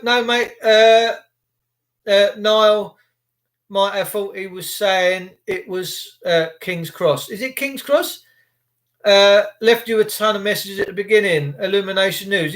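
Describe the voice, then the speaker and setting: A man's voice: sits high, unhurried. A middle-aged man hosting a casual live stream, reacting to footage with sarcasm and chatting to viewers. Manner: excitable, sarcastic, addresses viewers as mate. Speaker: livestream host.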